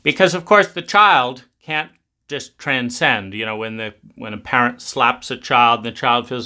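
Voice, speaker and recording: A man's voice: mid-range voice, a little slow, sharp tone. A man giving a reflective spoken talk, rambling with many restarts.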